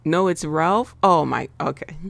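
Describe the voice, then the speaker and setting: A woman's voice: lowish voice, gravelly, no echo. An American woman hosting a live trading stream, chatting playfully with her viewers and laughing often. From United States. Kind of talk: casual live-stream chat.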